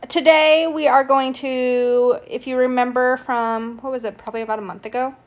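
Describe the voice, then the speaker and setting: A woman co-hosting a casual podcast chat, relaxed and often giggling, mostly giving short replies. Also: high-pitched, moderate pace. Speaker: podcast co-host.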